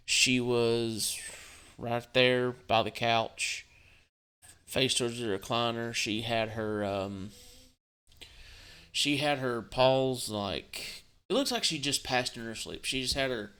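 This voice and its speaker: A man talking casually on his channel, subdued and tired, rambling with halting restarts and the odd curse. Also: medium pitch, pushed and bright, smooth. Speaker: gaming channel host. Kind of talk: casual vlog talk.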